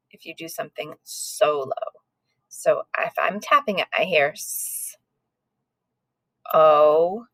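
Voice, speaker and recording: A woman's voice: on the low side, gravelly, fairly bright tone, no echo. A woman teaching a recorded phonics lesson to second graders, sounding out letters patiently.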